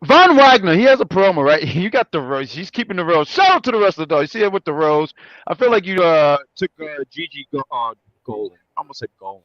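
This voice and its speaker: A man co-hosting a casual review chat, animated and joking, often correcting himself. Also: a little high, fast talker, dry recording, highs cut off. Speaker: co-host.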